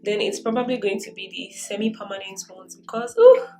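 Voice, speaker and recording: A woman's voice: medium pitch, very animated, brisk, dark tone, rough recording. Young female vlogger, earnest motivational tone, mid-range voice, light background music. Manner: earnest, encouraging, laughs often. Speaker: lifestyle vlogger. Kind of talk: casual get-ready-with-me advice vlog. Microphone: camera mic while doing makeup.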